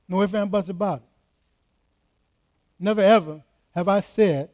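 A man's voice: sits high, measured pace, long pauses, darkish tone. A man preaching a sermon to his congregation in church, emphatic and repetitive as he speaks directly to the people in front. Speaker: pastor.

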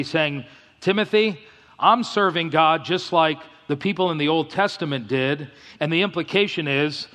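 A man's voice: a little high, fairly bright tone. A middle-aged man preaching a sermon as pastor, earnest and storytelling, mixing scripture reading with personal stories. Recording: long hall reverb.

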